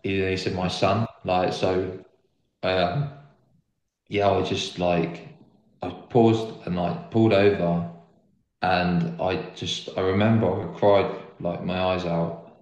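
A young man speaks in a low, deep register as he tells how he came to faith. He talks in an earnest, rambling way, dropping "like" again and again. The recording has a roomy echo. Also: flat delivery, takes it slowly, a little mellow. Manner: earnest, rambling, lots of "like" fillers. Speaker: guest sharing his faith story. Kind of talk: casual conversational testimony.

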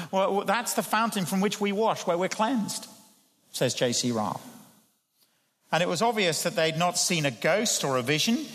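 A man preaching a sermon, his voice rising to emphatic peaks and dropping to hushed tones. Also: high voice. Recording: long hall reverb.

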